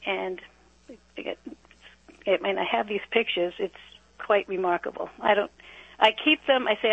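A woman's voice: medium pitch, normal speed, vocal fry, long pauses, slightly rough, no echo. A woman calling in to a radio talk show, telling a story in an earnest, rambling way. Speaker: radio caller. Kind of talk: phone-in call on a talk show. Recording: muffled phone line.

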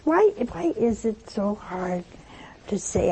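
An older woman delivers a chatty, homespun sermon, slipping into different voices as she tells her stories. Her voice is gravelly and a little husky. Her tone stays dark and mellow, though she sits fairly high for a woman. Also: lively intonation, normal speed. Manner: folksy, chatty, acts out dialogue in different voices. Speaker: religious speaker. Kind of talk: storytelling sermon.

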